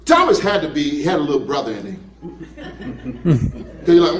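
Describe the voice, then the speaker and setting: High-voiced pastor preaching in an echoey church. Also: male voice, sing-song, a little fast, long pauses, crowd noise. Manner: humorous, conversational storytelling with laughs. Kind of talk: sermon. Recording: echoey room, mic at a distance.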